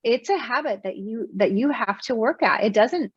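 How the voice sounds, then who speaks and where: A woman's voice: fairly high pitch, animated, moderate pace, husky, no room sound. A woman in her thirties, a guest author on a podcast, talking in an earnest storytelling way with many fillers. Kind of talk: casual interview chat. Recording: dull, dry sound.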